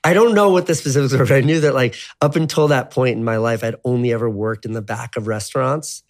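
Talking fast in a medium-pitched voice, a man in his thirties rambles through his life story as a guest being interviewed. It's casual storytelling full of profanity and the filler "like."

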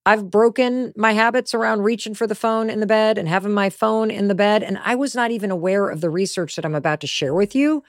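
A woman's voice: mid-range voice, a little fast, hardly any pauses, no echo, clean studio sound. A middle-aged woman hosting a motivational podcast, talking in a candid, emphatic, conversational way. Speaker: podcast host.

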